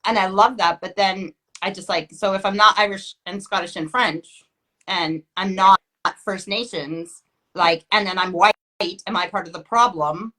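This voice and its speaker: Speaking at a moderate pace, this woman has a medium-pitched voice that sounds bright and forceful, with a Canadian accent. Her casual chat rambles and keeps interrupting itself, full of "likes" and sentences left unfinished.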